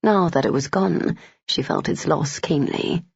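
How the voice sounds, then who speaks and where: This is a measured audiobook narrator reading a romance novel aloud. The voice is gravelly and husky, and the recording is dry and dull, like lo-fi audio. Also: medium pitch, no room sound.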